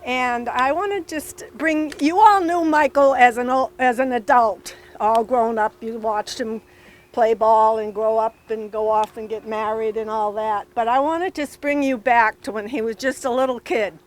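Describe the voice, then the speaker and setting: A woman giving gentle, thankful remarks at an outdoor dedication ceremony. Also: a little high, steady tone, moderate pace. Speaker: family member giving remarks. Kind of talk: prepared speech.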